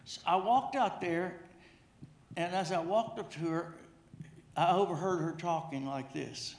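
A middle-aged pastor delivers a sermon, telling a humorous story from the pulpit and circling back to repeat his own words. His voice is fairly high for a man and a little slow. The sound echoes through the church sanctuary.

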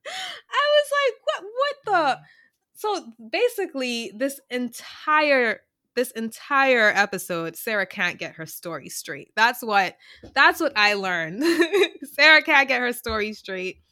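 A woman's voice: fairly high pitch, animated, measured pace, pushed and bright, dry recording, studio quality. A woman co-hosting a podcast, chatting casually and animatedly, laughing often as she retells a reality show. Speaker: podcast co-host. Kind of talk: casual chat.

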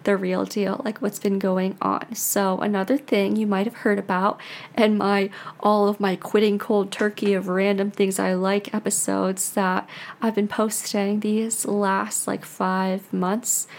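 A woman's voice: medium pitch, level tone, a little slow. An American woman in her twenties, a podcast host, talking in a rambling, confessional way with many "like"s and restarts. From United States. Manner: chatty, rambling, heavy use of "like", frequent restarts. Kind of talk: casual confessional monologue.

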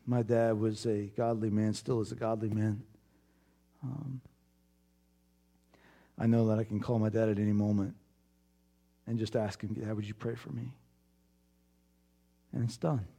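A man preaching a sermon, telling a personal story with animated swings in volume and then dropping to a hushed, prayerful tone. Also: lowish voice, unhurried, creaky, pauses often, breathy edge. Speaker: pastor.

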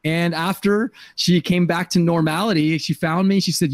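A middle-aged man with a slightly high voice tells a personal story on his podcast. He speaks earnestly and with emotion, stumbling and repeating words as he goes. The sound is dry and close, with no room echo. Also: steady tone, normal speed. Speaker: podcast host.

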